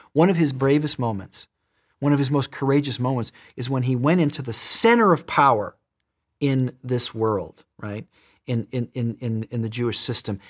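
A man preaching a sermon in an emphatic way, repeating words and shifting between loud and soft. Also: mid-range voice.

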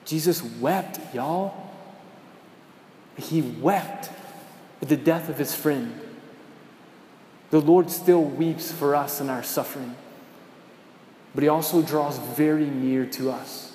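A man preaches in a church, his slightly high voice carrying an earnest, conversational tone as he asks his listeners questions. The sound rings through a roomy space with a long reverb tail. A faint hiss sits under the recording. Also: takes it slowly, long pauses, dark tone. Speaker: priest. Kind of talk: sermon.

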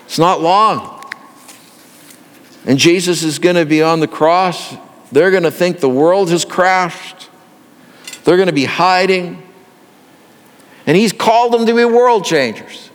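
A man's voice: high voice, takes it slowly, long pauses, big-room sound. A male pastor delivering an earnest sermon that builds in intensity.

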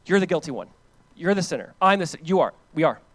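A man preaching a sermon as pastor, in a conversational, animated way that swings from loud emphatic lines to hushed ones and repeats phrases for emphasis. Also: on the high side, quick pace, dry recording. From United States.

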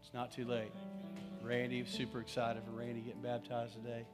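A man's voice: mid-range voice, completely flat delivery, brisk, music in the background. A man preaching as pastor in a large church, leading an earnest altar call with pleading repetition.

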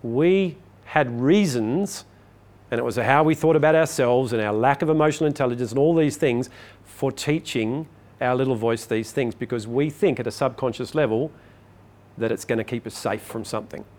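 A man's voice: mid-range voice, normal speed, a little mellow. An older man, a public speaking coach, giving a chatty motivational talk to a live audience and asking it questions.

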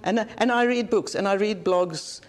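A woman's voice: mid-range voice, moderate pace, a little mellow. South African woman, conference preacher; earnest, blunt, repeats lines for emphasis. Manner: earnest, plain-spoken preaching with repetition. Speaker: conference speaker. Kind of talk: sermon.

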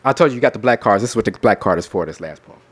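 A man's voice: lowish voice, lively intonation, very fast. A man talking loosely with an audience, then performing a spoken word poem with a rhythmic, emphatic delivery. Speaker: poet. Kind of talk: spoken word poetry reading.

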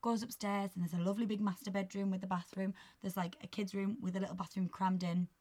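A young woman telling a story on a podcast, animated and swearing, often breaking into laughter. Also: mid-range voice, fast. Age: young adult. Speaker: podcast co-host. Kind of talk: casual chat, storytelling.

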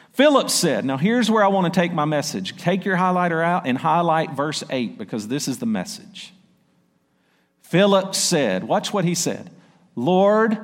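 A man preaching a sermon as pastor. He reads scripture slowly and loudly, then drops into quick, quieter asides and calls out to the congregation. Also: a little high, big pitch swings. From South Arkansas. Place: church sanctuary. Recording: long church-hall reverb.

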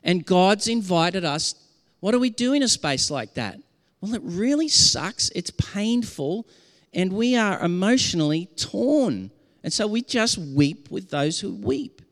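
A man's voice: high-pitched, animated, a little slow, a bit bright, big-room sound. A man preaching a sermon as pastor, earnest and impassioned, often restarting his sentences.

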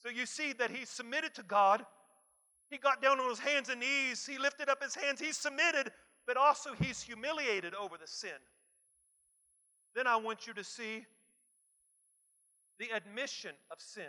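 High, bright-voiced preacher man. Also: normal speed, long pauses. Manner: emphatic, repeats phrases, swings from soft to shouting. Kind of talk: sermon. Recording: long hall reverb.

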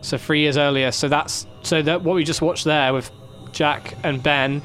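A man's voice: a little high, steady tone, normal speed, a bit bright, soft background music. Chatty man co-hosting a rewatch chat. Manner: chatty, explains timelines, laughs often. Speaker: podcast co-host.

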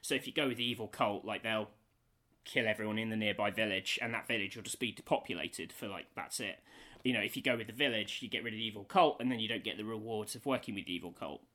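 Bright-voiced man telling a funny story. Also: lowish voice, fast talker. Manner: animated storytelling, laughs often, many fillers. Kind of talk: casual chat.

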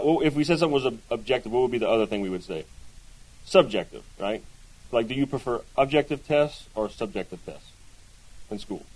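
A man teaching a Bible class to a group. He talks in a loose, conversational way, asks his listeners questions and keeps checking in with a quick "right?". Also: medium pitch, a little mellow, husky, rough recording.

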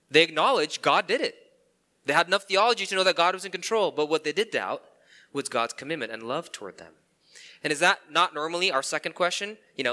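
A man preaching a sermon, animated, acting out sarcastic questions to God and dropping to soft, low tones for emphasis. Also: normal speed.

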